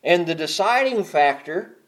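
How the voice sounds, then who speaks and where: A man preaching a sermon as pastor, building to loud, impassioned peaks and dropping to quiet, conversational asides. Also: fairly high pitch, lively intonation, measured pace.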